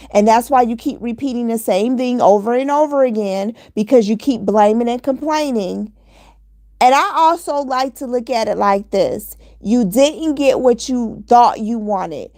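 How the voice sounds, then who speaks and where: Earnest higher-voiced woman preaching motivation. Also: darkish tone, no room sound, studio quality. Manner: earnest, repetitive, preachy exhortation. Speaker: motivational vlogger. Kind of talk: motivational monologue.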